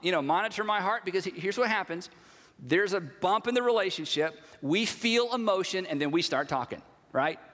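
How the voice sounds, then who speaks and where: A pastor preaches a sermon in a high, animated, slightly bright voice at a moderate pace. He talks conversationally and acts out everyday dialogue, with long hall reverb on the recording.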